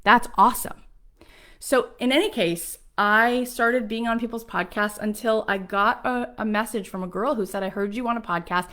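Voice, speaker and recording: A woman's voice: on the high side, moderate pace, hardly any pauses, a bit bright. Woman host, thirties, upbeat motivational talk, casual chatty delivery. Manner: enthusiastic, conversational, uses filler "like".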